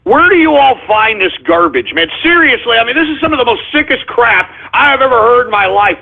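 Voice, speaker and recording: A man's voice: very high-pitched, animated, brisk, creaky, hardly any pauses. A man hosting a call-in radio show, grumbling and cursing in exasperation. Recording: tinny phone-like line.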